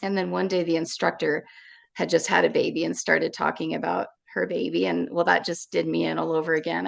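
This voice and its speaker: A woman being interviewed, telling a painful personal story in an emotional, halting way and repeating her words. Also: lowish voice, vocal fry. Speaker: interview guest.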